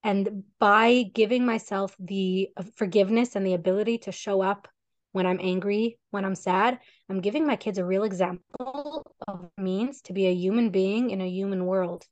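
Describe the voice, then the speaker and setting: A woman's voice: mid-range voice, moderate pace, no echo. A woman co-hosting a parenting podcast, talking in an earnest, reflective way over a video call. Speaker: parenting coach and podcast co-host.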